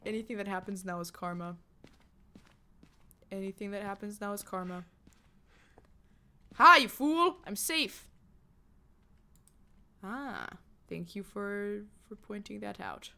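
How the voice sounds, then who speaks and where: A woman's voice: mid-range voice, measured pace, gravelly, long pauses, a bit bright, a little hiss or hum. A woman streamer giving live, joking commentary while she plays a ghost-hunting game and chats to her viewers. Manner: chatty, joking, talks to chat and to a ghost.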